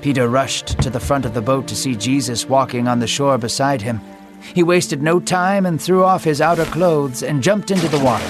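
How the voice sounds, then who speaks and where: Man narrating a Bible story over music. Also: mid-range voice.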